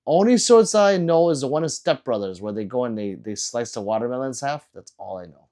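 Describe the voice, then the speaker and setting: A man's voice: medium pitch, lively intonation, fast, darkish tone. A man livestreaming, reading out chat messages and teasing viewers in a loose, rambling, joking way.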